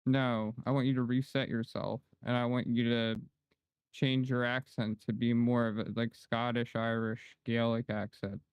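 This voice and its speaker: Streamer dude, normal middle pitch, teasing and bossy, kinda whiny, dry close mic. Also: male voice, level tone, normal speed, clear, resonant tone, no room sound, poor audio. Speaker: game streamer. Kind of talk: casual livestream chat.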